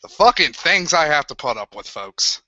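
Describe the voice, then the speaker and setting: Loud crude young man ranting sarcastically. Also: fairly high pitch, sing-song, moderate pace, no room sound. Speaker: wrestling show reviewer. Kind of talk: profane live review rant. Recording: dull lo-fi sound.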